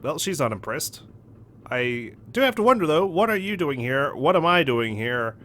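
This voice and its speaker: A young man giving jokey, animated commentary on a video game he plays. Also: a little high, normal speed, a little hiss or hum. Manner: animated, jokey, laughing asides. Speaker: let's play host. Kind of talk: casual gameplay commentary.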